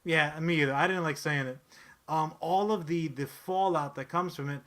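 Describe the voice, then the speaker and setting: Man, casual podcast chat, profane, rambling, restarts, bright tone. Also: a little high, fairly even intonation, moderate pace. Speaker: podcast co-host.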